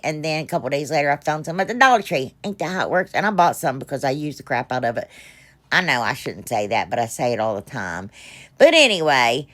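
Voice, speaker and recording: This craft channel host, a middle-aged woman from the United States, has a low-sitting, slightly bright voice. She narrates her craft project casually, rambling and chatting with plenty of fillers and self-deprecating remarks.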